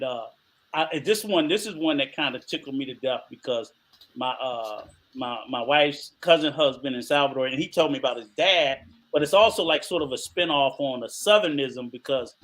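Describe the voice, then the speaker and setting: An older man co-hosting a podcast in casual chat, telling animated stories, laughing often and acting out other people's voices. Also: fairly high pitch, a little fast. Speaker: podcast co-host.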